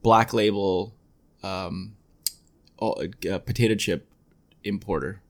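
A man's voice: on the low side, fairly even intonation, slow. A man co-hosting a podcast in casual chat, rambling and slipping into silly made-up voices. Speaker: podcast co-host.

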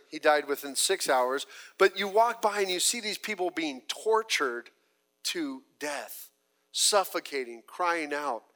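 A man preaching a sermon earnestly, often restarting and apologizing when he loses his place, rising loud, then dropping very soft. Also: on the high side. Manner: voice rises loud when mocking, drops very soft when reflecting. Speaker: pastor.

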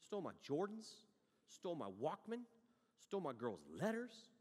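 A man, preaching a sermon in an animated storytelling way, swinging between loud outbursts and quiet asides. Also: fairly high pitch, normal speed, husky. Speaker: pastor. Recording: long hall reverb.

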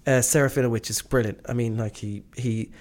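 A man's voice: medium pitch, fairly even intonation, a little fast, a little mellow. A man from Britain co-hosting a casual chat, rambling and enthusiastic, full of fillers and restarts. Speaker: podcast co-host.

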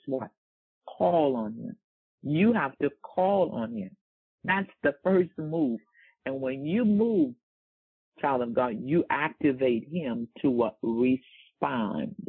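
A man preaches a sermon in call-and-response style, repeating his phrases and drawing answers from the congregation. His voice is gravelly and a bit husky. It comes through a thin, phone-like recording. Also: fairly high pitch. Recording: tinny, phone-like sound.

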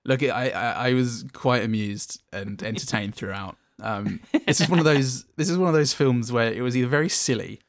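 A man's voice: medium pitch, moderate pace, hardly any pauses, dry recording. Dry, rambling male podcast co-host. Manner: rambling, dry, self-amused. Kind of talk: casual movie-review chat.

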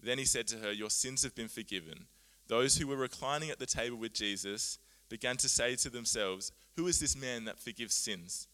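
A man preaching a sermon, earnest and animated, often laughing at himself as he explains Bible words. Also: medium pitch, moderate pace, few pauses.

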